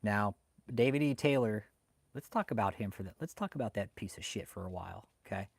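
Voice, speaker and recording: A man hosting a livestream who rants heatedly, swears often and bursts out loudly as he talks to his chat. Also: on the low side, expressive, a little fast, vocal fry, no room sound. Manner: heated and swearing, with loud outbursts. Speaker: livestream host reading chat. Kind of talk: profane ranting live commentary.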